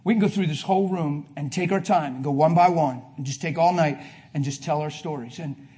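A preacher giving a sermon to a congregation, telling a personal story, going from hushed to loud. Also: male voice, fairly high pitch, a little fast. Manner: emphatic, swings from hushed to loud. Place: before a live congregation.

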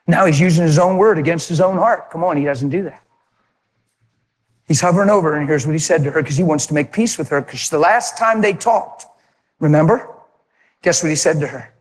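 A man preaching, telling a personal testimony in an animated, emotional storytelling manner. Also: fairly high pitch, a little fast, long reverb tail. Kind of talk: sermon testimony.

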